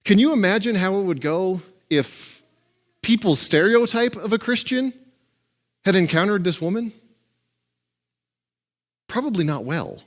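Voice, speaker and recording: A male pastor preaching a conversational, animated sermon with asides and chuckles. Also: sits high.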